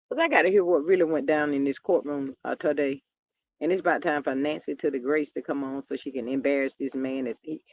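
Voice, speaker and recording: A woman's voice: lowish voice, a bit bright, no room sound. Chatty older woman gossip host, dry mic. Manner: chatty and drawling, acts out quoted people in voices. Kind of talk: casual gossip commentary to viewers.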